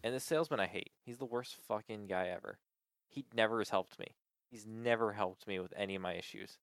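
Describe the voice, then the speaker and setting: A man's voice: lowish voice, a little fast, a bit bright, no echo, clean studio sound. A man in casual chat, venting with exasperation about a support call, swearing often and filling with "like".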